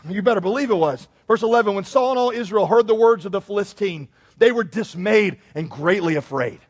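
A man's voice: sits high, animated, brisk, husky. A man pastor giving a joking, conversational sermon to his church. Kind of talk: humorous sermon. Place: church sanctuary. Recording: long reverb in a large hall.

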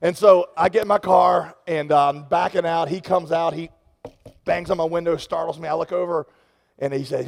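High, gravelly-voiced male preacher in a hall. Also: steady tone, moderate pace. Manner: storytelling, conversational, impassioned builds. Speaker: pastor. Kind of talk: sermon. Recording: long reverb of a large hall.

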